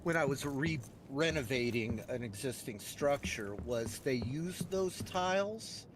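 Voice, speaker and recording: Casting: slow, rambling male co-player, mid pitch, faint clicks behind. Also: expressive, slight background noise. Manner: unhurried, rambling, filler-heavy explanation. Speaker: co-player offering tips. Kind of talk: casual chat.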